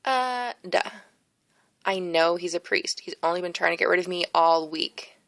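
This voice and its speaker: A woman's voice: on the low side, moderate pace, gravelly, a bit bright, no echo. A woman voicing a snooty, rude teenage girl ghost who sneers and drags out her insults in an audiobook. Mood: sneering.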